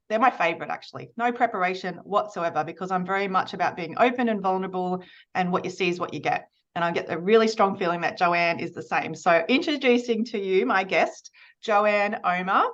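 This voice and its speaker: A woman's voice: mid-range voice, a bit bright, dull audio. A woman hosting a podcast, telling a personal story in an open, chatty way. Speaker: podcast host. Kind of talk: casual podcast intro.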